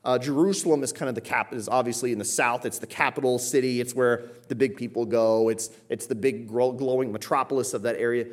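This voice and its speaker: A man preaching an expository sermon, building to emphatic peaks and then dropping low and quiet. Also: steady tone, brisk, few pauses. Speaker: pastor.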